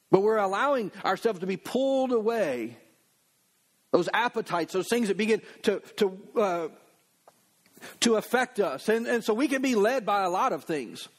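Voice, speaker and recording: A middle-aged man, a pastor preaching a sermon in a conversational, animated way, slipping into quick acted asides. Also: sits high.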